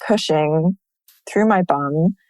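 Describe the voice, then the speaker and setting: A woman with a lowish voice tells her own story in a candid, lively way, often stopping on "like" between phrases. The sound is dry and close, with no echo from the room. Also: slow. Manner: candid, animated retelling, many "like" fillers. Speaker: guest sharing her birth story. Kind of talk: personal storytelling in a conversation.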